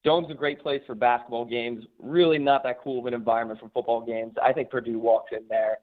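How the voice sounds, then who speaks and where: Brief: male caller pitching a bet, matter-of-fact, tinny phone line. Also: fairly even intonation, fairly quick.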